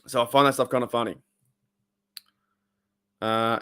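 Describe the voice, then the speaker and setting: A man's voice: medium pitch, little pitch movement, measured pace, pauses often, sharp tone, smooth. A man hosting a live fan stream, rambling and fired up while he chats with viewers. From Australia. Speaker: fan channel host.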